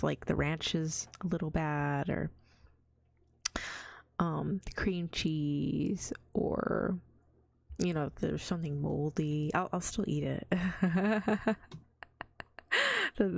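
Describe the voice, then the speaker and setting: A woman's voice: lowish voice, vocal fry, darkish tone, no echo. A young woman streaming as a vtuber in whispered role-play, telling stories in a chatty, giggly way that slips into whispers.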